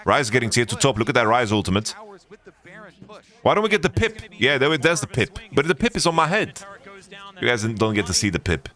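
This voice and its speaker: A man co-streaming an esports match, talking over the action in a lively, swooping voice. His tone is bright and forceful, and he flips easily into loud, exasperated rants. He sounds close to a desk mic. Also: mid-range voice, brisk. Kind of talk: live esports watch-along commentary.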